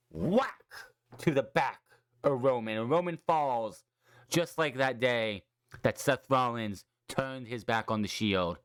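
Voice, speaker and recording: Casting note: male podcast host, mid-pitched voice, loose and excitable, swears a lot, breaks into quick impressions mid-recap. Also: clean tone. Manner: excited, rambling, swears freely, acts out quotes. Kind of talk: casual wrestling recap.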